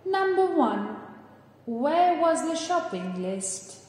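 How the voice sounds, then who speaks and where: A woman reading exam listening prompts and playing a customer, slow and clearly enunciated. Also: high voice, sing-song, a little mellow. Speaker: listening test narrator and dialogue speaker. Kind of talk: scripted exam narration. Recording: echoey room with long reverb.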